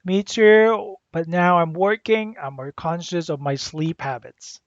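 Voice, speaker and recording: A teacher giving a grammar lesson, deliberately spelling out letters and repeating the rules. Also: medium pitch, no room sound. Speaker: English teacher. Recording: dull lo-fi dry recording.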